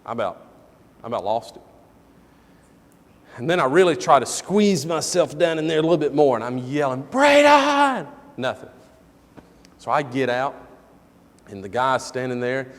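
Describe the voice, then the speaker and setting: A middle-aged preacher fills a church sanctuary with a lively personal anecdote, getting loud in the quoted parts. His voice sits in the mid range, and the audio has a big-room quality.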